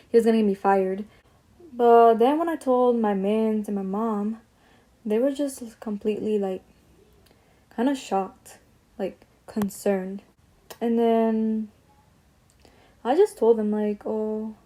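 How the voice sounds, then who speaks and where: A woman's voice: medium pitch, warm tone. A young woman chatting casually as she tells a story while doing her makeup, slangy and drifting off on tangents. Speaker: beauty vlogger.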